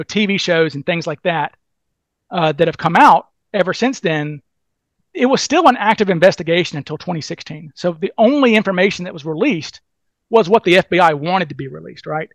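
A man with a Southern US drawl tells a story on a podcast, his voice sitting high for a man. He acts out the people in his tale and trips over restarts and fillers as he goes. The sound is dry and close, with no room around it. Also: lively intonation, fairly quick, dry recording. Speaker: podcast guest, DB Cooper researcher. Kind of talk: animated storytelling in casual interview.

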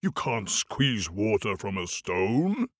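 A man voicing a huge, slow-witted male giant in a told folk tale, with a deep, drawn-out delivery. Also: big pitch swings, dry recording, studio quality, exaggerated voice. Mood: booming. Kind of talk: storybook character voice.

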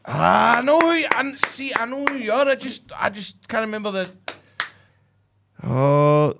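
A Scottish man with a notably high voice, co-hosting a podcast chat. He is loud, excitable and sweary, and throws out quick jokes and guesses. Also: vocal fry, slight background noise. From Ayrshire, Scotland. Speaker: podcast co-host. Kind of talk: casual podcast banter.

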